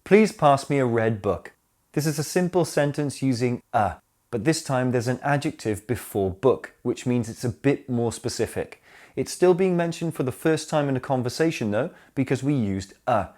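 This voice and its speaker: A man teaching English grammar in a scripted lesson, with a voice of middling pitch. He lays out each rule deliberately and reads his example sentences aloud with care. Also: expressive, darkish tone. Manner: clear, deliberate explanations with spoken examples.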